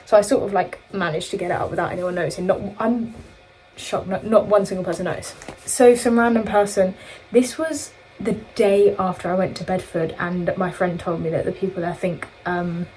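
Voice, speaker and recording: A woman's voice: on the low side, steady tone, fairly quick, a little mellow, a little hiss or hum, rough recording. A young woman vlogger telling a long story in casual chat, rambling and correcting herself as she goes. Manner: rambling, self-correcting, chatty.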